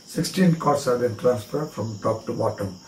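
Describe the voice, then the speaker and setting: A man's voice: mid-range voice, moderate pace, a little mellow, reverberant, slight background noise, rough recording. A man with an Indian English accent teaching a magic card trick, spelling words letter by letter and repeating short phrases.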